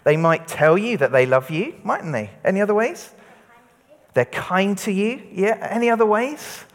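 Lively preacher man in an echoey hall. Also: high-pitched, moderate pace. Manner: lively, interactive, leading call-and-response. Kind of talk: all-age church talk to children and adults. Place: church hall.

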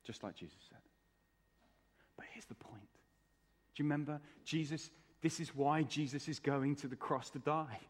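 A man's voice: on the high side, moderate pace, husky. Earnest male preacher in a reverberant church. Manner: earnest, shifts between soft hushed lines and raised emphatic ones. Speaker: pastor. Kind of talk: sermon. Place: church hall.

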